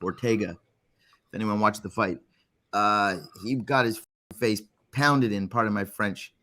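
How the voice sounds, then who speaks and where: Animated rambling male podcast host. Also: fairly low pitch, unhurried. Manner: animated, rambling, swears casually. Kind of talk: casual storytelling chat.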